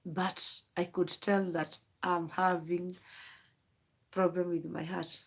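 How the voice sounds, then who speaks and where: A woman's voice: on the low side, flat delivery, slow pace, vocal fry. A rambling woman. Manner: rambling, emotional, wandering thoughts. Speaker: vlogger. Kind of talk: late-night live stream monologue.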